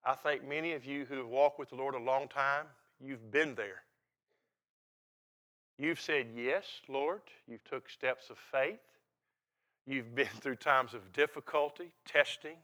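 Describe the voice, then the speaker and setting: An older man preaching a sermon in a folksy, emphatic way, swinging between quiet reflection and loud, laughing energy. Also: medium pitch, measured pace.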